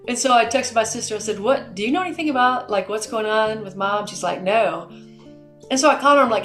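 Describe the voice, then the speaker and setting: A woman's voice: on the high side, moderate pace, soft background music. Woman podcast host in an echoey room. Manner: animated storyteller, acts out dialogue. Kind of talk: conversational interview.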